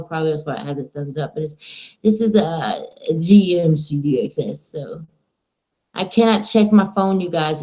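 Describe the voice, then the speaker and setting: A woman's voice: on the low side, dark tone, poor audio. A woman streaming live from home, chatting in a rambling, casual way to her viewers and her dog.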